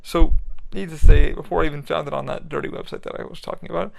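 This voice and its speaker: A young man podcasting solo from his bedroom, with a gravelly voice that sits a touch high. He rambles loosely, swears freely and laughs at his own asides. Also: steady tone, fast talker. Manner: rambling, profane, laughs often. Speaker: podcast host. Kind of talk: casual solo chat. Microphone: laptop recording.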